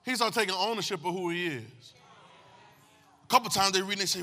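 High, bright-voiced preacher man. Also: brisk, pauses often. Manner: animated street-talking preaching, call and response, shouting at peaks. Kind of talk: sermon.

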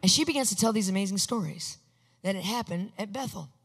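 A woman sharing a personal faith testimony, storytelling in an animated way and acting out the voices she quotes. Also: mid-range voice, quick pace, breathy edge. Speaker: Christian speaker sharing a testimony.

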